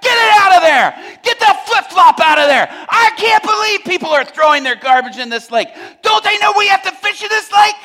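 Man doing a high-pitched, yelling, fed-up fisherman, bright and sharp. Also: expressive, quick pace, few pauses. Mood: exasperated. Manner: shouting, exasperated ranting. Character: furious middle-aged male fisherman yelling at his crew.

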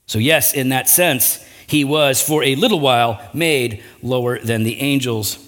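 A man preaching a sermon, earnest, with frequent rhetorical asides and big swings in pitch and loudness. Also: steady tone, unhurried. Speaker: pastor.

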